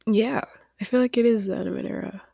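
A young woman hosting a podcast, talking through tears in a halting confessional monologue and often dropping to a whisper. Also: fairly high pitch, fairly even intonation, gravelly, mellow, slightly rough, no echo, studio quality. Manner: tearful, halting, many fillers, often drops to a whisper. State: crying. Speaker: podcast host.

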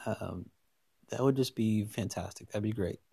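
A man hosts a solo sports podcast in a mellow, low voice. He rambles and gets excited, often restarting his sentences. The sound is close and dry. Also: moderate pace, gravelly, breathy edge, dry recording. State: hiccups. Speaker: podcast host.

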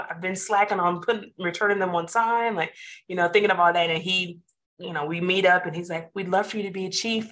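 A woman in her thirties with a lowish voice tells stories in a relaxed podcast chat. She acts out the people she quotes and keeps the talk animated. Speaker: physician guest. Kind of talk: casual podcast conversation.

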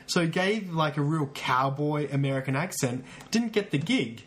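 A man's voice: on the high side, moderate pace, hardly any pauses. A man co-hosting a podcast in casual chat, telling stories and acting out quotes in a raised voice. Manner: animated storyteller, acts out quotes in a raised voice. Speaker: podcast co-host.

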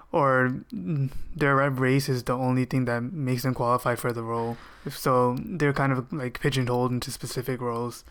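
A man in casual podcast talk, explaining points in a measured way. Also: mid-range voice, fairly bright tone, smooth. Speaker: podcast co-host. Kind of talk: casual chat.

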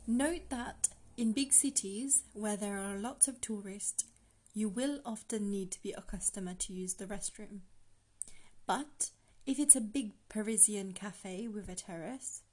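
Slow, mellow-voiced woman teaching a lesson. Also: mid-range voice. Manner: slow, patient, spells phrases out for repetition. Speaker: language teacher. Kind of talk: podcast language lesson.

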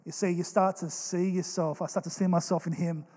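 A young man preaching a sermon as pastor, telling stories in an earnest, animated way. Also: high voice, fairly quick, husky. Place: church hall. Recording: long reverb of a large hall.

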